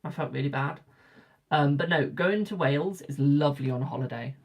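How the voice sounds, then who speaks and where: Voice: medium pitch, brisk. A young adult tarot reader from Britain chatting casually with live viewers, rambling and repeating phrases for emphasis.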